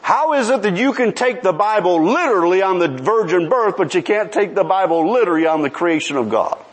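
High-voiced preacher guy, very animated, firing off questions at the crowd. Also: a little fast. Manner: animated, rhetorical questions, pleading. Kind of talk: sermon with storytelling.

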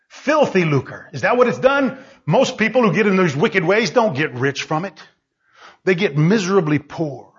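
Impassioned man preaching, shouting then hushed, very animated pitch, muffled lo-fi sound. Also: husky. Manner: impassioned, pleading, shouting at peaks then dropping low. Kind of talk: fiery sermon.

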